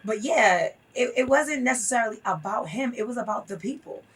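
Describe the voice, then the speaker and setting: A woman speaking as an interview guest, her voice a little husky and set slightly higher than most. She tells her story with emphasis, acting out what others said, and is heard from a bit back from the microphone. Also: animated, a little fast, far from the mic. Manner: emphatic, storytelling with acted quotes. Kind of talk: casual interview talk.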